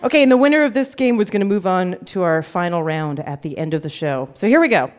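A woman's voice: on the low side, animated, quick pace, hardly any pauses. A woman hosting a live radio game show on stage, playful and teasing, laughing often with contestants. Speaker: quiz show host. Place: live comedy venue with audience.

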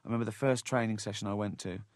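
A man's voice: lowish voice, steady tone, racing, darkish tone, dry recording, clean studio sound. A man being interviewed about his comedy writing, telling wry, conversational anecdotes. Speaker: comedy creator, interview guest.

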